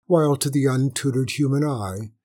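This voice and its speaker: A man narrating a story in a measured, dramatic storytelling manner. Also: medium pitch, mellow. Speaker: audiobook narrator.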